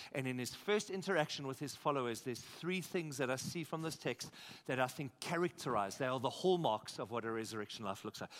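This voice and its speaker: A South African man preaching a sermon as pastor, emphatic and energetic, repeating phrases and asking the congregation questions. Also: mid-range voice. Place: church.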